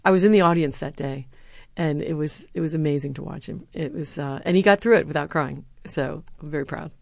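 Woman, middle-aged, low voice, dry close sound, earnest storyteller. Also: brisk, vocal fry, no room sound. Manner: earnest, animated when quoting others. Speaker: former presidential speechwriter; university lecturer. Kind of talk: interview answers, storytelling.

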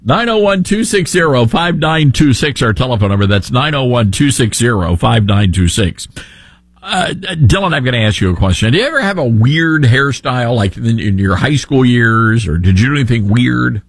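A man's voice: medium pitch, expressive, normal speed, husky, no echo. A middle-aged man hosting talk radio, opinionated, sarcastic and joking. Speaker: radio talk show host.

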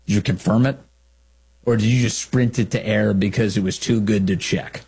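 A man's voice: fairly low pitch, fairly even intonation, moderate pace, gravelly, a little mellow, husky. A man hosting a political commentary show, talking in a sarcastic, mocking and incredulous way.

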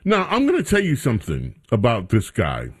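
A man's voice: mid-range voice, wildly swooping pitch, brisk, breathy edge. A man hosting a talk radio show, bantering with his studio crew in a casual commentary style.

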